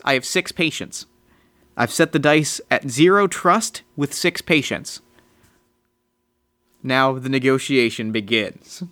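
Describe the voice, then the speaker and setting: A man's voice: on the high side, sharp tone. A man narrating and explaining rules in a tabletop game in a matter-of-fact way. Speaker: player.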